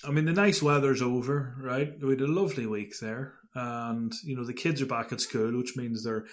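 A man co-hosting a casual podcast, self-mocking and trailing off into quiet asides. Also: mid-range voice, fairly even intonation, normal speed. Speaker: podcast co-host. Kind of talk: casual chat.

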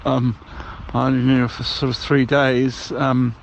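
A man's voice: medium pitch, level tone, unhurried, creaky, lo-fi sound. Rambling man with faint noise. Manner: rambling, cheerful, full of hesitations. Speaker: balloon ride passenger leaving voicemails. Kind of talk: comic voicemail monologue.

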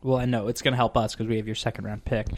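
A man hosting a casual podcast, telling stories in a quick, rambling, animated way. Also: lowish voice, a little hiss or hum. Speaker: podcast host. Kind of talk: casual chat.

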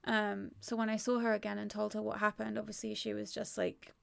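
A woman's voice: medium pitch, completely flat delivery, a little fast, creaky, a bit bright. A woman in her thirties talking candidly and rambling in a casual conversation, swearing freely. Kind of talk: casual conversation about grief.

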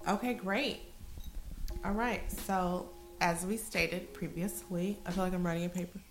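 A woman's voice: fairly low pitch, fairly even intonation, a little slow, faint music behind. Blunt, joking woman podcast host. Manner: blunt, joking, swears freely. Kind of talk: casual chat.

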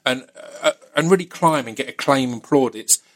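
Halting male interviewer, mid-pitched voice. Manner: halting, repeats words while forming questions. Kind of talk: casual interview chat.

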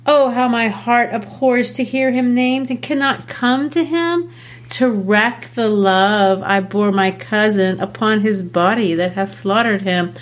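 A woman's voice: fairly high pitch, unhurried, close to an everyday voice. A woman reading a grieving young noblewoman. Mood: anguished. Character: grieving young noblewoman, guarded and double-speaking. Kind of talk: classroom read-aloud of a play.

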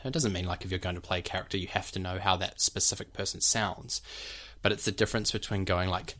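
A young adult man with a somewhat low voice co-hosts a relaxed podcast. He talks at length in an easy, rambling way, leaning on "like" and "you know" as he explains. He often stops to sound out examples. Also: fast. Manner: breaks off to demonstrate accent sounds. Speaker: podcast co-host, actor. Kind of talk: casual podcast chat.

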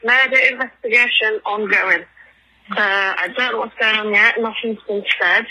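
A woman's voice: mid-range voice, steady tone, moderate pace, sharp tone, slightly rough, low-quality recording. Breathless woman leaving a voicemail. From England. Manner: rambling, lots of ums and likes. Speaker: caller.

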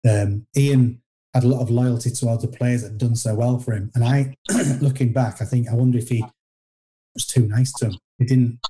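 A middle-aged man with a very dark, mellow voice, speaking at a mid pitch. He tells old stories from his playing days in a loose, rambling way, often restarting sentences and poking fun at himself. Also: fairly even intonation, normal speed. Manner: rambling anecdotal, frequent restarts, self-deprecating. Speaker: former footballer guest. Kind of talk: casual interview storytelling.

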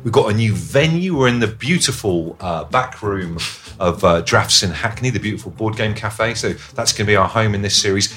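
A man's voice: lowish voice, lively intonation, moderate pace, a bit bright, soft background music. A man hosting a podcast in casual chat, upbeat and full of questions, keeping the peace. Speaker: podcast host.

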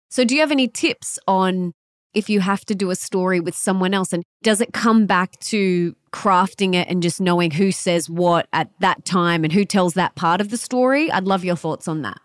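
A woman's voice: medium pitch, no echo, clean studio sound. A woman hosting a podcast interview, speaking with enthusiastic, emphatic energy. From Australia. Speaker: podcast host.

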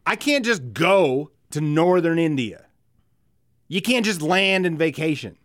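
A man chatting on a podcast with a lively, swooping delivery and a dry, close sound. He rambles freely, swears often and laughs at his own stories. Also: a little high, unhurried, dry recording. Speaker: podcast co-host. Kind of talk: casual chat.

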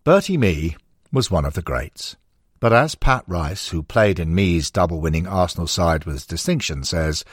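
A man narrating a sports history audiobook in a measured storytelling manner. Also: low voice, expressive, breathy edge, no echo, clean studio sound.

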